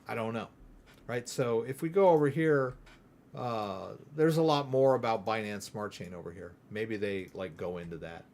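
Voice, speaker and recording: A man from the United States hosting a live crypto Q&A, talking casually and rambling as he demos software and asks "right?" again and again. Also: lowish voice, moderate pace, slight background noise. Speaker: crypto livestream host. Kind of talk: casual live Q&A with screen demo.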